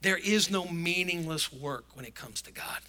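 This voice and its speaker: A man's voice: a little high, animated, moderate pace, pushed and bright. A male pastor delivering a sermon in an emphatic, conversational preaching manner.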